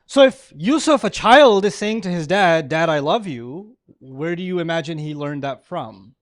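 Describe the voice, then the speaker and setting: A middle-aged man giving an animated religious lecture to a live audience, often asking them questions. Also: sits high, normal speed, dry recording, studio quality. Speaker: Islamic lecturer.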